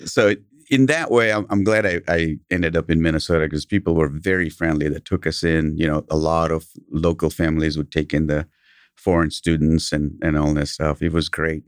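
Speaking at a normal speed with a smooth, very deep voice, a Kenyan man with a British accent tells stories as a company founder in a relaxed podcast interview. He's animated and slips chuckles between his anecdotes. The recording is dry and close, with no echo.

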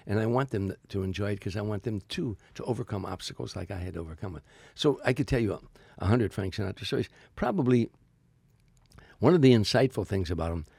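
Gravelly, deep-voiced older man telling stories. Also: a little mellow, no room sound. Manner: rambling anecdotes with frequent stammered restarts. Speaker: stand-up comedian guest. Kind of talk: casual storytelling interview.

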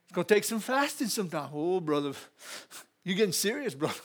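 His delivery runs a little fast and high-pitched, carrying a Louisiana Southern accent. He's a male pastor giving a sermon in church, full of lively call-outs and laughing asides to the congregation.

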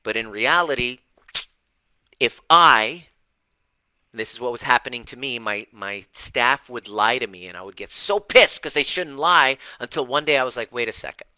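A man's voice: medium pitch, animated, normal speed, bright, forceful tone, smooth, no echo, rough recording. A man coaching an online group in a livestream talk, passionate and blunt, swearing for emphasis and openly dramatic. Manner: dramatic, fired up. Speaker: relationship and healing coach.

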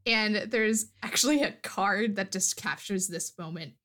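A woman's voice: medium pitch, a little slow, fairly bright tone. A woman co-hosting a podcast, animatedly recapping a fantasy story in casual chat. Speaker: podcast co-host.

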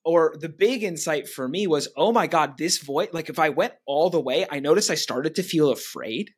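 A man's voice: a little high, animated, moderate pace, husky. A man co-hosting a casual podcast discussion, reflective and open, often voicing his own inner dialogue. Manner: reflective, speaks in self-talk quotes. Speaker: podcast co-host, leadership coach.

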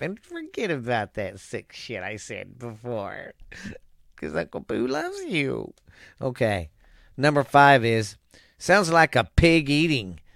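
A man's voice: mid-range voice, a bit bright, clean tone, no room sound, clean studio sound. A man hosting a vlog, reading viewer comments aloud with crude jokes and rambling asides.

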